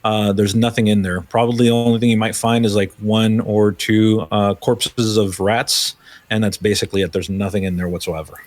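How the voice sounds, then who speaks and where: A man's voice: fairly low pitch, flat delivery, moderate pace. A man running a tabletop role-playing game as game master, describing scenes loosely with many fillers.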